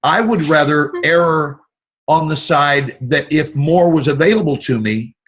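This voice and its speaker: A middle-aged man talking as an interview guest, expansive and animated, acting out the voices he quotes. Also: a little high, measured pace, slightly rough. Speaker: guest actor. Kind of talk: motivational storytelling.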